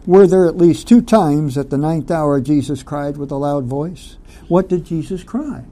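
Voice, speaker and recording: A man teaching a Bible study sermon, slow and deliberate, asking rhetorical questions and leading the listeners in reading scripture aloud. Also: a little high, mellow.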